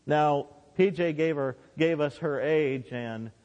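A man delivers a sermon with passion, swinging his voice from quiet low endings up to loud emphatic calls. His voice sits somewhat high for a man. The sound carries the long reverb of a church hall. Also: slow, lo-fi sound. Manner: impassioned, voice rising and dropping for emphasis. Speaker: preacher.

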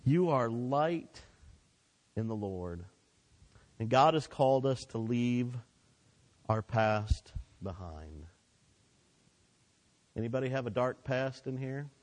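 A man's voice: medium pitch, lively intonation, slow, long pauses, a little mellow. A male pastor preaching a sermon in a church, with emphatic delivery that swells and drops and leads the congregation in call-and-response. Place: church sanctuary. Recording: long hall reverb.

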